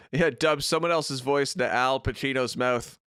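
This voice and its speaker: A man's voice: medium pitch, measured pace, fairly bright tone, smooth, no room sound, clean studio sound. A man co-hosting a podcast remotely, giving opinionated, profane rants in casual chat. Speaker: podcast co-host. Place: remote recording.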